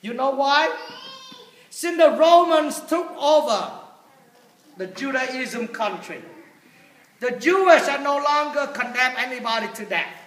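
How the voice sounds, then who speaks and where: Man, priest, homily, animated storyteller, very high voice, bright, echoey church. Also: unhurried, long pauses. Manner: animated storytelling with humor, shifting loud and soft.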